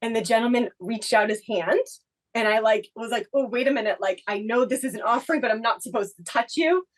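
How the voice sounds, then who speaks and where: A woman's voice: fairly high pitch, a little fast, poor audio. A woman co-hosting a podcast, telling a personal story in casual chat, reflective and full of the filler "like". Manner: reflective, leans heavily on the filler "like". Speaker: podcast co-host.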